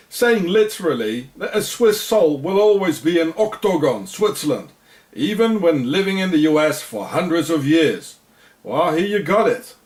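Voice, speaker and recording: Sarcastic, rambling man narrating footage. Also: on the high side. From South Africa. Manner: sarcastic, repeats and restarts words. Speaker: video narrator. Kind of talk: rambling commentary over on-screen footage.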